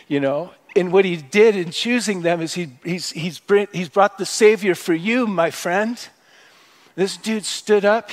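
A middle-aged male pastor preaching a conversational sermon at a church service, telling stories and asking the congregation questions. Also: sits high.

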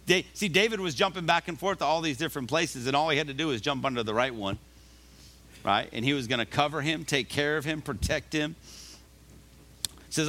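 Bright-voiced preaching man. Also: fairly high pitch. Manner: emphatic preaching with repeated exhortations; reads scripture aloud slowly. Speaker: pastor. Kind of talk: sermon.

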